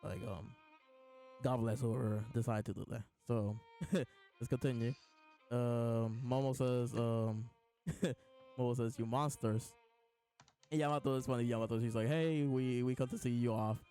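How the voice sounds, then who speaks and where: A man's voice: mid-range voice, normal speed, warm tone, clear, resonant tone, soft background music. A man hosting a live reaction, reading lines aloud between laughs and restarts. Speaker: host reading and reacting to a comic chapter. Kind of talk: casual live reaction chat.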